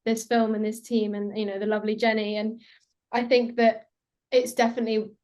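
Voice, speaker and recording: Actress, casual interview guest, chatty and a bit high-pitched. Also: female voice, level tone, brisk, darkish tone. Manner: giggly, chatty storytelling with many fillers.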